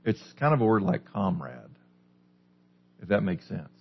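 Gravelly, low-voiced male preacher. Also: very animated, moderate pace. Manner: asks the listeners questions, then answers them. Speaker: pastor. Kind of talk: sermon. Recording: dull lo-fi recording.

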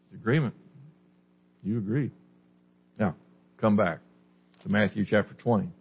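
A man's voice: lowish voice, a little slow, vocal fry, breathy edge. A man preaching a sermon, putting questions to the listeners and then answering them. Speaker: pastor. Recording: dull lo-fi recording.

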